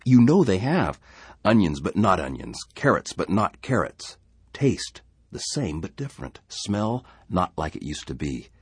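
Guy doing a panicky settler man, deep voice going way up and down, kinda husky. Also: very animated, measured pace, dry recording, exaggerated voice. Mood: frantic. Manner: urgent, pleading. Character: anxious male settler, frantic and fearful.

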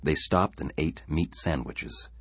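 Man reading a story out loud, super low and gravelly, lots of ups and downs. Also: animated, slow, no echo, studio quality. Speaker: narrator.

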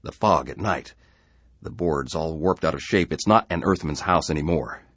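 A man's voice: rumbling low, moderate pace, fairly bright tone, slightly rough, dry recording, studio quality, exaggerated voice. A man voicing a frightened settler who talks urgently and pleads with others. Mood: alarmed. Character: anxious male settler, frantic and fearful.

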